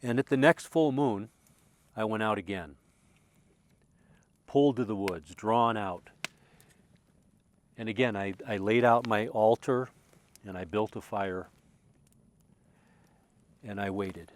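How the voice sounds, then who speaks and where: A man with a somewhat low voice shares a personal story in a reflective, earnest way. He gets loud and passionate in places and then drops to a quiet hush. He often stumbles and repeats words as he searches for what to say. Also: slow pace, long pauses, no room sound. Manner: swings from loud passionate recalling to quiet, hushed tones. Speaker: spiritual speaker.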